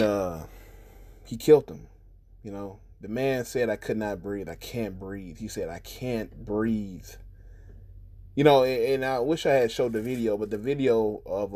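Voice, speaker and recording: A man's voice: on the low side, dark tone. A man giving casual, heated commentary on news videos, profane and repetitive, in an indignant manner.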